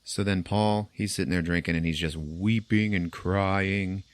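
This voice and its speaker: Deep-voiced man recapping a film. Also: unhurried, no echo. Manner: animated storytelling, acts out characters' lines and laughs often. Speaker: podcast host.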